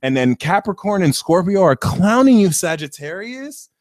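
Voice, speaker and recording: Excitable man with a lively high voice. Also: moderate pace. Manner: theatrical, excitable, jokey. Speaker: astrology reader and live stream host. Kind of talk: live stream Q&A chat.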